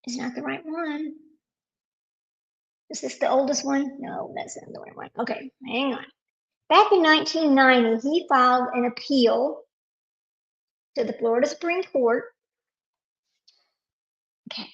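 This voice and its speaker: A woman's voice: high-pitched, a little slow, gravelly, pauses often, lo-fi sound. A woman hosting a casual live stream, talking to viewers while searching her computer and getting frustrated.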